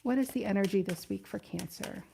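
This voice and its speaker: A woman's voice: medium pitch, fairly quick, vocal fry, mellow, a little hiss or hum. Woman, tarot reader, casual, chatty, thinks aloud, repeats her questions.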